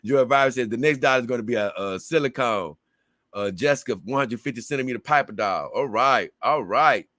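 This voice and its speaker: Speaking a bit fast in a mid-range, fairly bright voice, a man runs a casual livestream. He reads his viewers' comments out loud and rambles on talkatively with plenty of slang. The recording is dry and studio quality.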